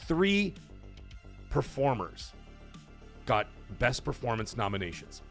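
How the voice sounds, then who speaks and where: A man's voice: mid-range voice, very animated, normal speed, a bit bright, soft background music. A man hosting a casual live-streamed podcast from home, rambling and chatty as he reads out viewer comments. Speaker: livestream podcast host.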